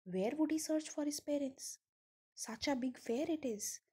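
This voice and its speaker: A woman's voice: high voice, unhurried, warm tone. Woman teaching a story. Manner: reads a line then paraphrases it, asking rhetorical questions. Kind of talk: explaining a story text to students.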